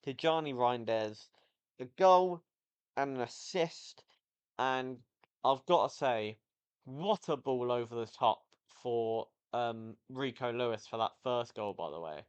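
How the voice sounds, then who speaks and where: A man's voice: medium pitch, expressive, slow pace, smooth. A man giving a casual, rambling football match review, often correcting himself as he goes. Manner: rambling, self-correcting, enthusiastic. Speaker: football vlogger.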